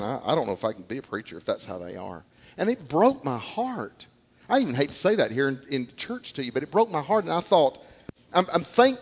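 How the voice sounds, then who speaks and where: Middle-aged man, pastor, animated sermon storyteller, somewhat high voice, echoing church hall. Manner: animated storytelling, repeats words, acts out quotes. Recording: long hall reverb.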